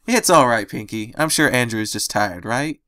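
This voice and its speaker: A man's voice: mid-range voice, normal speed, bright, forceful tone, no room sound, natural voice. A brash tomboy pegasus pony girl talks with a teasing, pushy edge, as a man voices her. The sound is close and dry, with no room behind it. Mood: reassuring.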